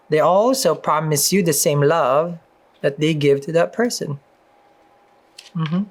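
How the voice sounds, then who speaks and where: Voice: mid-range voice, measured pace. A tarot reader and spiritual advisor giving a casual reading and advice, chatty, with frequent "mm-hmm" asides and dry sarcasm.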